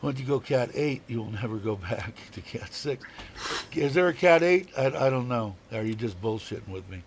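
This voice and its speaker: A man's voice: mid-range voice, expressive, normal speed, a little hiss or hum. A man hosting a live stream, chatting casually and rambling, swearing now and then and chuckling often. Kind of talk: casual chat.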